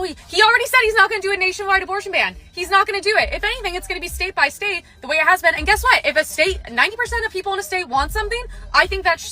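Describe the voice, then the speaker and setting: Woman, scolding rant, very high voice, lively swooping pitch. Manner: scolding, condescending. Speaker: social media commentator. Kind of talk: heated political rant.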